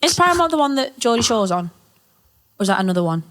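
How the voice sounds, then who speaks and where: A woman's voice: fairly high pitch, big pitch swings, quick pace. A woman co-hosting a comedy podcast, chatty and giggly, rambling through recaps of TV shows. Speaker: podcast co-host. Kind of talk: casual comedic chat.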